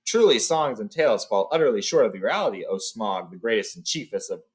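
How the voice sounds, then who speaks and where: A man's voice: fairly low pitch, expressive, fairly quick, slightly rough. A man voicing a small, clever male hobbit burglar who speaks politely and in riddles. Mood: flattering.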